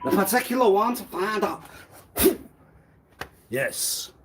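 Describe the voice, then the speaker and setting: A man's voice: sits high, very animated, slow pace, very noisy. A man on a live stream, talking in an insistent, repetitive way and firing accusing, demanding questions. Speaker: livestreamer.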